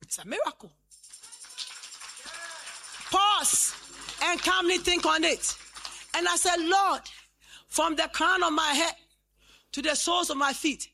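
A woman in her late fifties preaches to a congregation, her voice high and bright. She quotes scripture slowly, then builds to loud, fervent declarations. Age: 50s. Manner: fervent preaching, rising to shouts. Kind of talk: sermon. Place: church.

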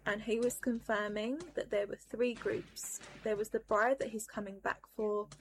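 A woman's voice: medium pitch, flat delivery, normal speed, slight background noise. A woman recounting a vision in an intense personal testimony.

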